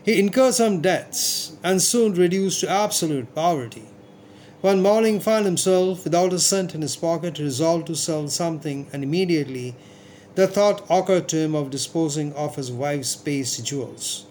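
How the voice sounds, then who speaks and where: A man narrating a classic short story in a measured, steady reading. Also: a little high, a little hiss or hum. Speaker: audiobook narrator.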